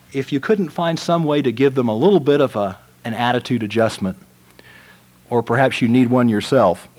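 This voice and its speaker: A man preaching a sermon, telling a story dramatically and moving from loud lines to hushed ones. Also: fairly high pitch.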